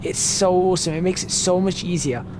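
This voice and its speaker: Game sounds play behind a young gaming channel host as he casually narrates a driving game in a high-pitched, brisk voice. He rambles and keeps correcting himself, and the background is noisy.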